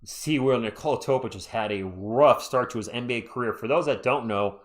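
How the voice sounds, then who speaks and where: A man hosting a live fan play-by-play stream, chatty and excitable, reading and answering viewer chat as he calls the game. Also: medium pitch, brisk. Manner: excitable, voice jumps up when thrilled.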